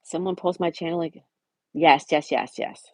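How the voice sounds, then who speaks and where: A woman's voice: deep voice, steady tone, normal speed, no echo. A woman hosting a casual livestream, chatting and reading out viewers' messages and greeting them by name. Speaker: livestream host. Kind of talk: casual live-chat reading.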